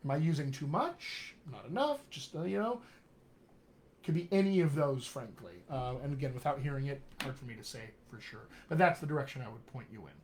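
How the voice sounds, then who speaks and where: A man with a General American accent, a dialect coach giving a chatty, upbeat live-streamed session and spelling out web addresses slowly. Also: mid-range voice, lively intonation, slight background noise.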